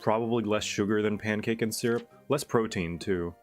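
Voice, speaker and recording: A man's voice: lowish voice, moderate pace, soft background music. A man streaming and chatting casually, explaining things in a rambling way with fillers. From Thailand. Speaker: streamer host. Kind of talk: casual chat.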